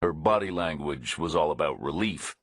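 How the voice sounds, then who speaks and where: A man narrating a thriller audiobook in a measured, understated reading. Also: very deep voice, animated, husky, dry recording, clean studio sound.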